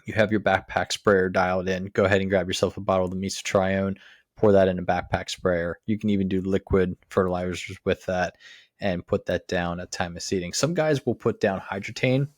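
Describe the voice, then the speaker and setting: A man's voice: low-pitched, fairly even intonation, fairly quick, no echo, studio quality. A man co-hosting a lawn care show, giving plain how-to advice with many hesitations. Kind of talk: casual instructional talk.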